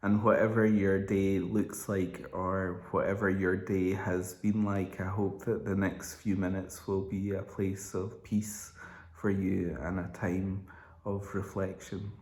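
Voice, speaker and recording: A man in his thirties, giving a calm devotional reflection in a slow, gentle way with small restarts. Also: low voice. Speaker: church member giving a devotional. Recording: roomy echo.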